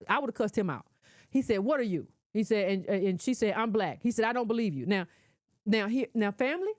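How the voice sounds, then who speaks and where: A middle-aged woman talks straight at the listener in a casual, opinionated commentary. She lectures emphatically and keeps to colloquial speech, with a high voice that swoops up and down. The sound is dry and close, with little room around it. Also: dry recording. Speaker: commentator reacting to clips.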